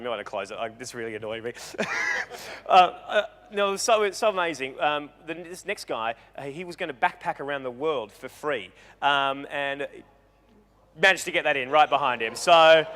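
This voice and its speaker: Man, stand-up style speaker, bright edgy tone, loose rambling delivery, reverberant hall recording. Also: mid-range voice, fairly quick. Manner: animated, joking, rambling with self-interruptions. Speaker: guest speaker at a live talk event. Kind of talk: comedic storytelling talk. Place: event hall with an audience.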